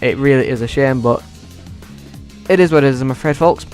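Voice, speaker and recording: A man ranking movies in a casual vlog, excitable and swearing freely. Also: medium pitch, a little fast, faint music behind. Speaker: YouTuber.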